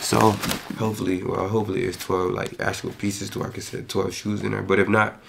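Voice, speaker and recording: A young man in his twenties vlogging casually to camera at home, talking fast and rushing his words in loose, slangy speech. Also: lowish voice, level tone, gravelly, noisy background. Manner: loose, slangy, peppered with "you feel me". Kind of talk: casual vlog chat to camera.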